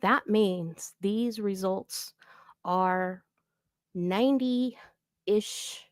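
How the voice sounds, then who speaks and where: A woman slowly reading out and explaining a voice analysis, with many fillers. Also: fairly low pitch, gravelly, darkish tone, dry recording, studio quality. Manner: slow, deliberate explaining with fillers. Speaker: commentary vlogger.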